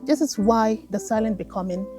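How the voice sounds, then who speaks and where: A woman's voice: fairly high pitch, normal speed, music in the background. Nigerian woman giving a motivational talk. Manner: earnest, repetitive, animated, addresses listener as darling. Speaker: life coach. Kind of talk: casual motivational talk to camera. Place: garden, outdoors.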